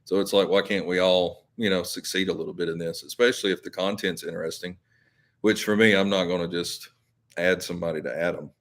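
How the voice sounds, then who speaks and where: Man, very deep voice, rambling live-stream host who talks to his viewers. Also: fairly even intonation, a little fast. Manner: rambling, filler-heavy, self-correcting. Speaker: YouTube channel host.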